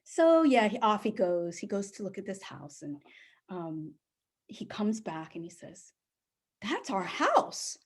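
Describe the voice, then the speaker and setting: A middle-aged woman telling a personal story on a live stage, animated and acting out the people she quotes. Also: unhurried. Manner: animated, acts out quoted voices with big pitch jumps.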